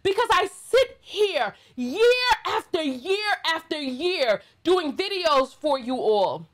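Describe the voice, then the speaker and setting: A woman's voice: high-pitched, sing-song, slow pace. A woman with a New York accent hosting a casual commentary vlog, blunt and sarcastic as she scolds her viewers. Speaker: commentary channel host.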